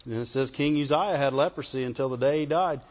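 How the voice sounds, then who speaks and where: A man preaching a sermon in an animated way, often asking the congregation questions. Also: medium pitch, fairly quick. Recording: dull sound with long hall reverb.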